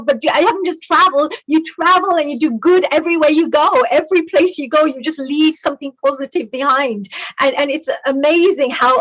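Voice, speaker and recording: A woman hosting a livestreamed interview, gushing with praise, laughing often and filling pauses with many fillers. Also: high-pitched, fairly bright tone, low-quality recording. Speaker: host. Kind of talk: casual interview chat.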